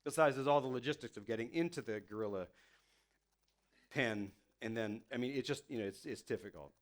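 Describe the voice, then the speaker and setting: A man's voice: medium pitch, brisk. A man giving a casual, conversational sermon as a pastor, full of "you know" and "like", playfully acting out the people in his story. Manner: playfully acts out the people he quotes.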